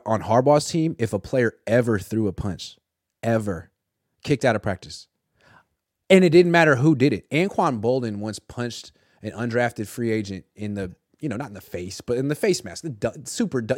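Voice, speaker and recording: A young man co-hosting a sports podcast, talking casually and animatedly, cursing and shouting impressions of a coach. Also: mid-range voice, animated, normal speed, no room sound, studio quality.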